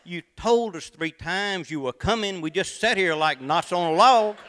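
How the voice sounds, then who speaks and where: A man doing a folksy, high-pitched churchgoer. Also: normal speed, fairly bright tone. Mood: blunt. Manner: folksy, soothing, then blunt.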